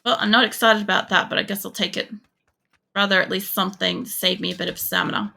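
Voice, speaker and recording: A woman's voice: mid-range voice, fairly even intonation, fast talker, vocal fry, sharp tone. An Australian woman streaming a game, chatting casually in a rambling way, swearing often and filling gaps with fillers. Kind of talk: casual gameplay chat.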